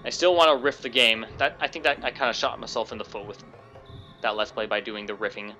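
A man hosts a casual let's play, rambling and reading game lines aloud. His voice is bright and forward, with faint game music behind it. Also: medium pitch, steady tone, a little fast.

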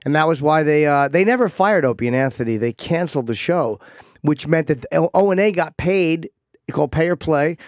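A man's voice: on the high side, lively intonation, brisk, no echo, clean studio sound. A man hosting a radio talk show, telling a candid and profane story in casual chat.

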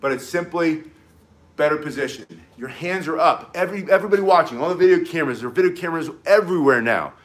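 A man's voice: fairly high pitch, quick pace. A man teaching cane self-defense, talking intensely while he demonstrates the moves. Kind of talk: demonstration lesson.

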